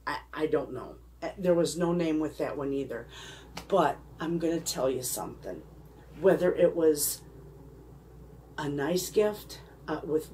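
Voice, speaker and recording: Speaking warmly in a deep voice, a middle-aged homesteading channel host chats to her viewers on camera. She rambles a bit and gets emotional, her talk heartfelt and casual, with slight background noise behind her.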